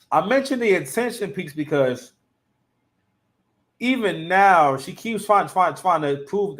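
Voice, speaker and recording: A man hosting a casual reaction commentary, rambling and often restarting his sentences. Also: a little high. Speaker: commentary channel host.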